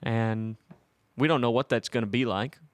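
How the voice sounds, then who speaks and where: A man's voice: medium pitch, fairly even intonation, moderate pace, no echo. A man co-hosting a podcast in a casual, rambling chat. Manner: rambling, chuckles often. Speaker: podcast co-host.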